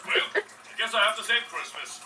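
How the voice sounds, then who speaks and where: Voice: medium pitch, fairly quick, heavy background noise, natural voice. Alucard, an actor voicing a smug vampire. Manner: flippant, deadpan excuses. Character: smug, carefree male vampire. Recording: roomy audio played from afar.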